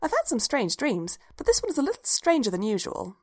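A prim young woman archaeologist, polite to a fault and a little fussy, her voice pitched noticeably higher and brighter than the reader's own, as a woman puts her on. There is a gravelly edge of fry underneath the careful manners. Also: huge pitch swings, fairly quick, heavily acted. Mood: puzzled. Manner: polite, formal, slightly fussy.

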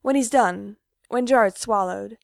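A woman narrates a story aloud, unhurried and intimate. Her voice sits at a middle pitch and sinks to a near hush in places. The recording is dry, with no room around it. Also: gravelly, no room sound.

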